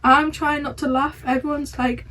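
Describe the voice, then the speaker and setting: A young woman, chatting on a podcast as co-host and telling stories with animated, sweary acted-out quotes. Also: sits high, moderate pace. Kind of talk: casual chat.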